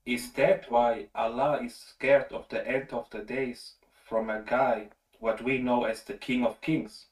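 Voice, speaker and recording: A man's voice: medium pitch, steady tone, measured pace, few pauses, recorded from a distance. Questioning man in roomy audio. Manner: questioning, conversational. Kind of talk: online voice chat.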